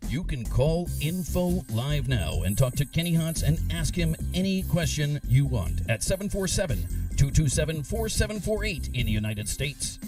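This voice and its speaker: A man's voice: a little high, big pitch swings, normal speed, far from the mic, over music. A man announcing the call-in phone number in a promo-style readout.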